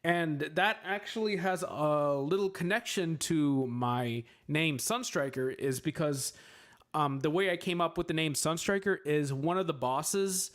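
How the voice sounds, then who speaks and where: A man's voice: a little high, unhurried, fairly bright tone. A man chatting casually on a livestream, answering questions in a rambling way, with lots of filler words, and joking at his own expense. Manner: playful, laughs at himself. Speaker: streamer answering chat questions.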